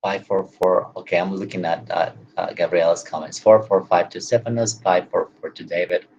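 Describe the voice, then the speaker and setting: A man's voice: low voice, fairly even intonation, moderate pace, a little mellow, highs cut off, a little hiss or hum. A man teaching English in an online class, explaining at length and tagging his points with "right?" and "you know".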